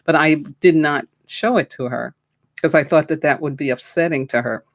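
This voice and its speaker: A woman's voice: low voice, dry recording. Reflective woman host, dry close sound. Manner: slow, reflective, heartfelt. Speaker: host and spiritual teacher. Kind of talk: personal storytelling and prayer.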